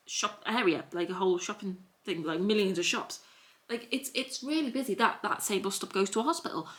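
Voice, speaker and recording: Sitting at home in a hoodie, this Scouse vlogger speaks at medium pitch with a fairly bright tone. She's a young woman rambling through a story, repeating herself and restarting again and again.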